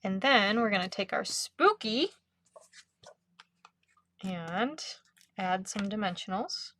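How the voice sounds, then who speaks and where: A woman's voice: mid-range voice, lively intonation, takes it slowly, bright, forceful tone, a little hiss or hum. A woman leading a live card-making class, chatty and upbeat, often breaking into giggles. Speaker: craft instructor.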